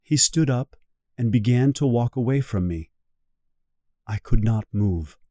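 A man reading a storybook aloud slowly and clearly for English learners. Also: mid-range voice, animated, warm tone, dry recording, studio quality. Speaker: reader of a guided English reading. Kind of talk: slow storybook narration for learners.

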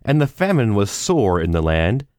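A man reading a Bible passage aloud in a steady, measured way, giving the quoted speech in his own plain voice. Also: on the low side, no room sound, clean studio sound. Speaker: scripture reader.

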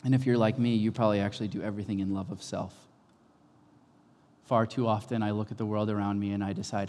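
A man's voice: on the low side, level tone, fast talker, a little mellow. Emphatic preaching man, reverberant hall. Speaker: pastor. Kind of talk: sermon.

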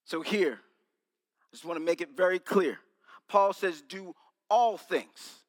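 A man's voice: a little high, a little slow, in a large hall. A man preaching a sermon to a small congregation, playfully quizzing and teasing his listeners. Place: small room with an audience.

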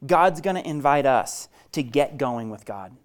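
A man delivers a sermon in a mid-range voice. His delivery is expressive and chatty, and he drops from forceful emphasis to a soft, hushed near-whisper to make a point. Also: mid-range voice, measured pace. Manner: conversational asides to listeners. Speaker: pastor.

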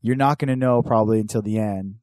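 A man's voice: fairly low pitch, quick pace, darkish tone, no room sound, clean studio sound. Profane, teasing man on a podcast. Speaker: podcast co-host. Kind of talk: casual chat.

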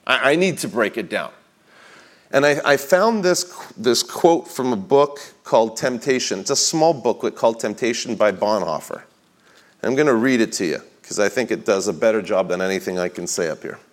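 A man's voice: fairly low pitch, animated. Earnest male preacher reading scripture. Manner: earnest teaching, reads scripture and quotes with slow emphasis; slight restarts and repeated words. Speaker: pastor. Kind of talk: sermon.

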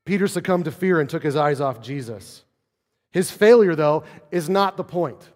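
Pastor, male, casual preaching tone full of rhetorical questions, raised and hushed by turns, echoing sanctuary. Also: on the high side, lively intonation, moderate pace. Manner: conversational preaching, rhetorical questions, swings from loud to soft. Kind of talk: sermon. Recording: long hall reverb.

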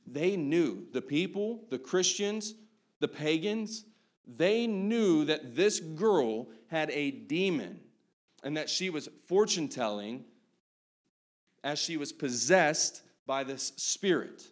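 A man's voice: on the high side, lively intonation, slow. A man preaching a sermon in a conversational style, often tossing in "right?" as he explains a Bible passage. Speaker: pastor.

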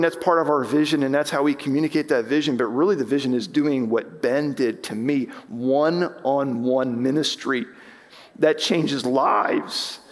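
A man's voice: a little high, in a large hall. A man preaching as pastor, impassioned, rising and falling with emphasis, often restarting his sentences. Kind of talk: sermon. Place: church sanctuary.

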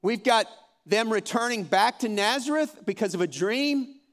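Teaching Bible study to a room of listeners, this man in his fifties talks in a high, animated voice at normal speed, with a warm, folksy encouragement and plenty of repetition.

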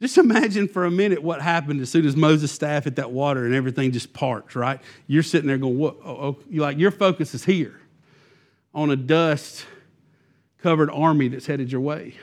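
A man preaching a sermon, animated and acting out the Israelites' complaints in quoted voices. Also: on the high side, normal speed. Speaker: pastor.

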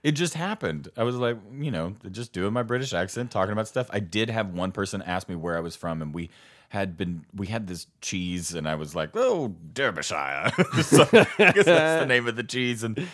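Young male podcast co-host with a very low voice, rambling and laughing as he spins anecdotes. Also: expressive, moderate pace, a bit bright. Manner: rambling storyteller, laughs often, trails off mid-sentence. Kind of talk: casual podcast chat.

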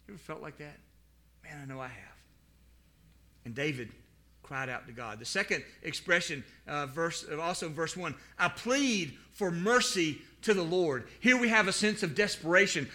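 High bright-voiced male preacher. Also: animated, normal speed. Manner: preaching with big swings from loud pleading to quiet asides; repeats words when building emphasis. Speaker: pastor. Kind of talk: sermon.

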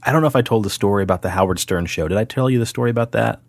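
Low-voiced man telling a story. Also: very fast, vocal fry, dry recording. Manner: animated, acts out voices in his anecdote, laughs often. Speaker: podcast co-host. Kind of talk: casual storytelling chat.

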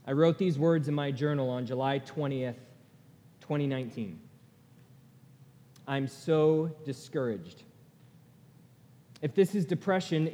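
Slow earnest pastor in a reverberant hall. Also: male voice, mid-range voice, mellow. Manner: slow, earnest, pausing delivery, rising for quoted laments. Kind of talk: sermon. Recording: long reverb of a large hall.

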